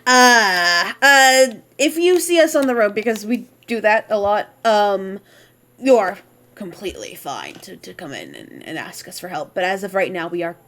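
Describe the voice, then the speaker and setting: A woman voicing a traveling caravan leader in a tabletop game, a man with a light, understated accent, talking casually with many pauses. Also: high-pitched, lively intonation, sharp tone, exaggerated voice. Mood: easygoing. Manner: casual, hesitant, many ums.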